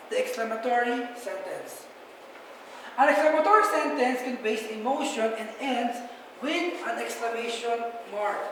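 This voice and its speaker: A woman's voice: a little high, slight background noise. A young woman, a student teacher giving a patient, encouraging classroom lesson and repeating key points. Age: young adult. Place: classroom, echoey. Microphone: far camera. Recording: echoey classroom from far off.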